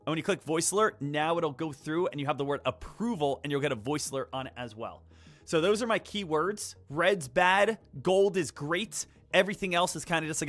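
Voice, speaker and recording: A man chats loosely through a live day trading stream, wandering through fillers and asides. His voice sits a little high and comes across bright and forceful. Faint music plays underneath. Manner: rambling, animated, many fillers. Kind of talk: casual live-stream chat.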